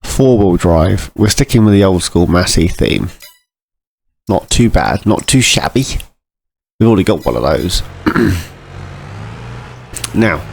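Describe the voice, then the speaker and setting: A man giving casual, rambling commentary over a farming game, often clearing his throat. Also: sits low, slight background noise. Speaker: gameplay commentator.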